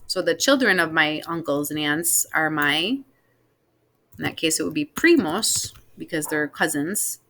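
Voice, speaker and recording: Bright-voiced woman teaching Spanish vocabulary. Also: low-pitched, animated, unhurried. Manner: patient, explains vocabulary step by step with many ums. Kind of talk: recorded class lesson.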